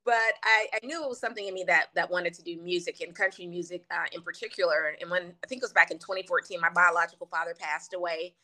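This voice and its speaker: A woman from Louisiana, a country singer guest, telling her story in a bubbly, animated way. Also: on the low side, fast talker, few pauses. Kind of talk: casual interview chat.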